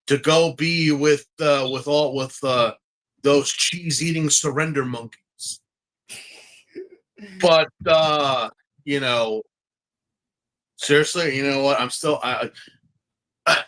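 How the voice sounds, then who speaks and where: Casual podcast co-host, male, bright edgy tone, rambling and chatty. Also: fairly high pitch, fairly even intonation, slow pace, long pauses. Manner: rambling, chatty, lots of fillers and restarts. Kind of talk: casual chat.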